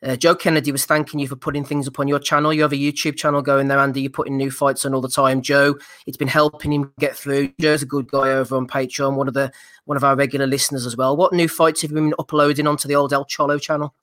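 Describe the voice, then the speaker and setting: A man hosts a podcast, moving through housekeeping notes and greeting listeners in chat. He talks at a fast clip in a middle-pitched voice. The recording is dry, with no room sound. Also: level tone, a bit bright, no echo. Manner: brisk, reads out chat names. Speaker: podcast host. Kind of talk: casual chat and show announcements.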